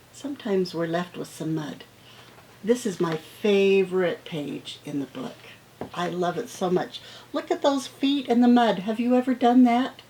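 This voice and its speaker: Animated woman teacher reading aloud slowly. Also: medium pitch, a little hiss or hum, poor audio. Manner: animated, acts out sound words; slow, gentle pace. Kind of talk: reading picture books aloud to children.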